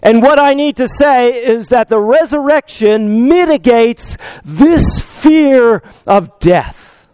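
An older man preaching a sermon in church, his voice going hoarse, rambling along with many fillers and wry asides. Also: very high-pitched, expressive, takes it slowly, a little mellow, dry recording. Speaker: pastor. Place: church service.

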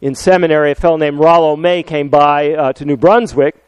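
An older man, a pastor, preaching a sermon with earnest, animated delivery and rhetorical questions. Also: a little high, fairly quick, smooth, no room sound, low-quality recording.

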